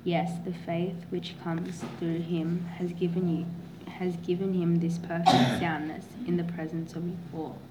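A woman reading a Bible passage aloud in a steady, plain way for a class. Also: on the low side, a little slow, heavy background noise. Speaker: scripture reader.

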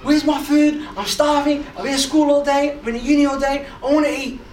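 A man's voice: very high voice, little pitch movement, fairly quick, darkish tone, pitched above the performer's own voice. A man doing a whiny hungry son. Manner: whiny and demanding. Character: hungry complaining young man, spoiled son. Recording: echoey room, mic far off, audible noise.

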